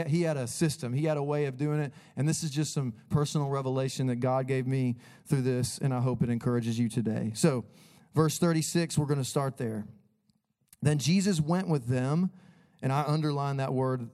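Casual, energetic male preacher. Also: mid-range voice. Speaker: pastor. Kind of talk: sermon.

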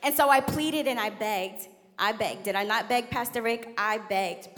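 A young adult woman giving a candid, animated sermon as a guest preacher in a church. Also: fairly high pitch, unhurried, faint music behind. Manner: animated, laughing, candid storytelling. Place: church sanctuary. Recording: long hall reverb.

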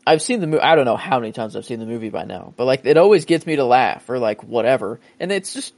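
A man's voice: medium pitch, animated, fast talker, creaky, a little mellow, dry recording. A man co-hosting a podcast, telling about a film scene in a rambling, hesitant way. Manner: rambling, hesitant, many fillers. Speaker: podcast co-host. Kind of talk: casual movie discussion.

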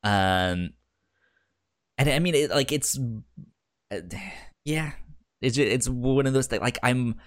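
Man, podcast co-host, casual chat, halting, lots of restarts, has the hiccups. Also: mid-range voice, smooth. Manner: halting, many restarts and fillers.

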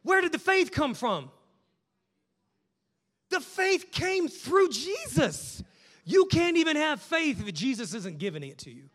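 A pastor with a notably high voice preaches passionately, surging into loud urging and sinking into hushed, prayerful tones. He speaks in an unhurried, sing-song way with frequent pauses, and a long reverb makes it sound like a large hall.

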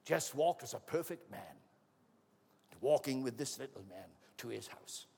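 Preacher with dramatic storytelling. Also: male voice, medium pitch, expressive, a little slow, vocal fry, slightly rough. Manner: dramatic storytelling, acting out voices, building to shouts. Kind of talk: sermon. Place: auditorium. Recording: long hall reverb.

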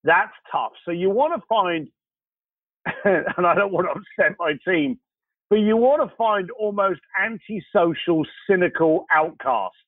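A man's voice: sits high, unhurried, no echo. A man telling stories in an interview, acting out the dialogue as he goes. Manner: animated storyteller acting out dialogue. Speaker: guest, concierge business owner. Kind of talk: interview storytelling. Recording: tinny phone-like line, dry.

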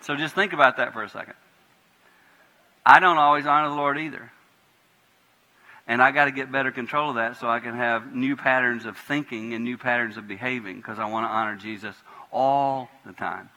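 A pastor delivers a lively sermon in a church sanctuary, his voice bright and piercing. He swings between quiet, prayerful passages and sudden emphatic bursts. A long reverb trails every phrase. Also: medium pitch, a little fast. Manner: animated preaching, swinging from hushed prayer to loud emphatic bursts.

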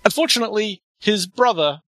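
Bright-voiced man telling a tale haltingly. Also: high-pitched, lively intonation, dry recording. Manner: halting, full of restarts and fillers. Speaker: tabletop game player. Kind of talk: in-character storytelling at a tabletop game.

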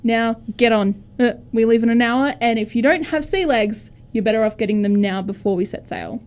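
A woman's voice: a little high, normal speed, a little mellow, close to an everyday voice. A woman voicing a grumpy, annoyed male ship captain who talks in curt, impatient bursts.

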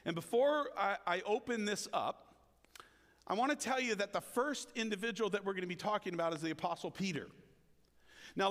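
A man preaching a sermon in a church, talking conversationally to the congregation and acting out the quotes he tells. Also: fairly bright tone. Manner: conversational, frequent "right?" asks to the congregation; acts out quoted speech with big pitch swings. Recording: long reverb of a large hall.

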